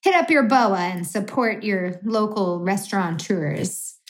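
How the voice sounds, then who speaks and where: A woman co-hosting a casual podcast, giggly, reading a recipe aloud in a put-on low sultry voice. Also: expressive, unhurried. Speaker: podcast co-host. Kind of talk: casual chat.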